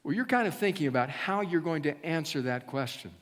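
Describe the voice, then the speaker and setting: Fairly high-voiced male pastor preaching. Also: lively intonation, fairly bright tone. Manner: storytelling, addresses listeners as you, slows for emphasis. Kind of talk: sermon. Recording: long church reverb.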